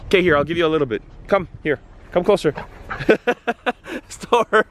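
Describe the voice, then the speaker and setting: A man's voice: on the high side, lively intonation, normal speed, a little hiss or hum. A young man chatting casually to a handheld camera, rambling and cheering on his dogs, in a car and outdoors. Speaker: vlogger. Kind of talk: casual vlog talk to camera.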